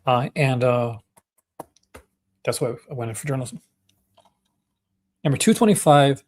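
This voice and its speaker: A chatty Canadian man hosts a casual livestream, enthusiastic and full of fillers and restarts. His mid-range voice has a darkish tone, and he talks a little slowly with long pauses.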